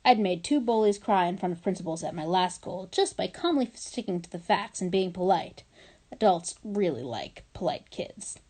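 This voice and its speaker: Warm, mellow-voiced woman reading a kids' novel. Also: fairly low pitch, moderate pace, slightly rough. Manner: lively, expressive storytelling. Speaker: reader. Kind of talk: reading a children's novel aloud.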